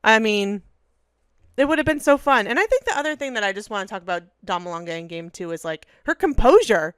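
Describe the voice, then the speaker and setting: A woman co-hosting a casual basketball podcast, enthusiastic and a little profane, with quick asides. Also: medium pitch, animated, clean tone, no room sound, studio quality. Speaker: podcast co-host. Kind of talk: casual sports chat.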